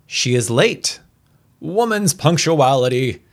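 A man voicing a gruff, impatient wealthy husband in a read-aloud story. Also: medium pitch, big pitch swings, takes it slowly, pitched above the performer's own voice. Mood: grumpy. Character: grumpy wealthy middle-aged husband.

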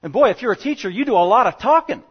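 A man preaching an expository sermon, animated and fast-talking, swinging between loud emphasis and quiet asides. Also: high voice, husky. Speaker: pastor. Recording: dull lo-fi sound.

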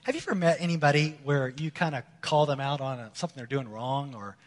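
A man's voice: on the high side, lively intonation, fast. A man preaching a sermon in a conversational way, asking his listeners questions and repeating his key phrases. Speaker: pastor. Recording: long reverb in a large hall.

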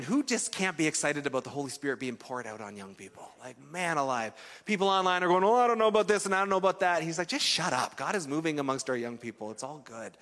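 A man's voice: on the high side, a bit bright, big-room sound. A man preaching a sermon as pastor, telling a story in a loose, conversational way with fillers and restarts.

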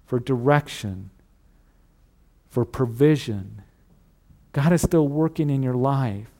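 Earnest man preaching a mellow sermon. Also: mid-range voice. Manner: earnest preaching with repeated phrases, drops to a hush on key lines. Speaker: pastor.

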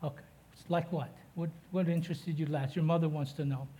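A man's voice: fairly high pitch, fairly even intonation, brisk, mellow, a little hiss or hum. A man preaching a sermon as a guest pastor, breaking into chatty, jokey asides to the congregation and building in force when he reads from the text.

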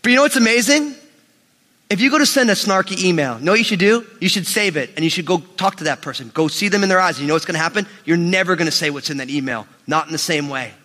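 Male pastor, animated sermon delivery, high voice, long hall reverb. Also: fast. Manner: animated, emphatic preaching with sudden rises and drops.

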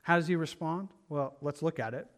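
A man with a fairly high voice preaches to his congregation in a church. He speaks earnestly and with emphasis, sometimes stumbling over repeated words as he drives his point home. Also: brisk. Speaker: pastor. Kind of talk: sermon. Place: church sanctuary.

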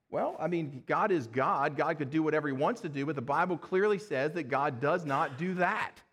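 Higher-voiced man preaching a sermon. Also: normal speed, few pauses, a bit bright, husky. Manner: earnest, rhetorical questions, addresses listeners as friends. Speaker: pastor.

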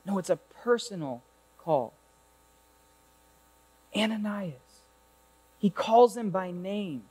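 A man preaching a lively, conversational sermon, telling a Bible story and throwing rhetorical questions at his listeners. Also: high-pitched, a little slow, long reverb tail.

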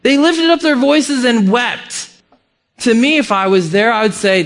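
A man preaching a sermon with emphatic delivery, swinging from loud peaks down to quiet, low passages. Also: measured pace. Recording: long hall reverb.

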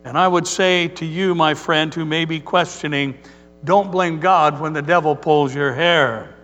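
A man preaching a sermon as pastor, telling stories in an earnest, measured way. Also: on the high side, a bit bright, big-room sound, lo-fi sound, soft background music.

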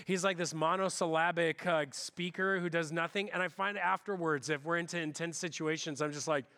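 Middle-aged male pastor, bright high voice, relaxed church sermon, self-deprecating asides. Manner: chatty, self-deprecating, with frequent restarts. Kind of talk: conversational sermon. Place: church sanctuary.

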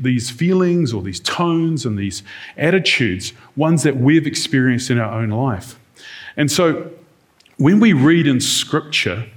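A man preaching a sermon in a conversational way, now and then acting out quoted lines in different tones. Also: medium pitch.

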